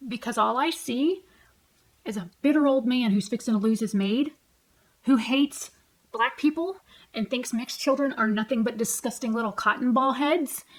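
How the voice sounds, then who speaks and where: A woman's voice: fairly high pitch, poor audio. A woman, venting at home in a casual vlog rant. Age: 40s. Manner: angry, profane, heated retelling. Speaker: vlogger. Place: home, at night, seated on a stool.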